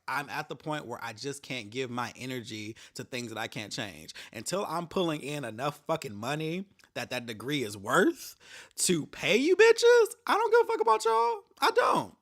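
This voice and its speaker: A man's voice: a little high, a bit bright. A young adult man hosting a podcast, telling a story in a casual, profane rant and mocking the people he quotes. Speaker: podcast host.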